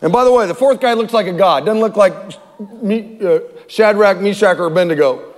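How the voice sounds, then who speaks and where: A male pastor preaching a sermon, with a higher-than-usual voice. He talks in an animated way, acting out voices and swinging from loud to hushed. A long hall reverb trails his words. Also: fairly quick.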